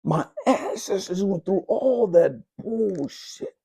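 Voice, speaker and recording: A man's voice: high voice, animated, takes it slowly, gravelly, mellow, breathy edge. A man, a spiritual coach, delivering a fierce, profane motivational monologue in a preaching, scolding manner.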